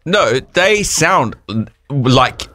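A man's voice: a little high, animated, extremely slow, sharp tone, no room sound. A man co-hosting a casual radio chat, joking and reading listener messages. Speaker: radio co-host.

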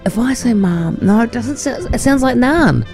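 A woman co-hosting a radio show, giggly and quick to laugh. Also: a little high, expressive, music in the background. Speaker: radio co-host. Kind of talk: casual on-air banter.

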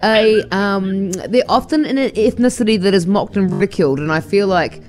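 A woman's voice: medium pitch, moderate pace, darkish tone, faint music behind. A woman co-hosting a breakfast radio show, chatting and joking. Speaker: radio co-host.

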